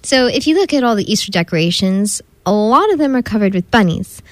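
A woman reading a children's picture book aloud in a gentle, expressive way, playfully imitating the animal sounds. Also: medium pitch, fairly quick, dry recording, poor audio. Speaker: storybook reader.

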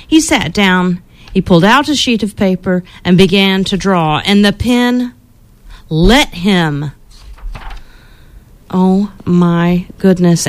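A woman hosting a storytime event, finishing a book aloud and introducing the next reader in an animated way. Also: mid-range voice, dry recording. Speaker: storytime host.

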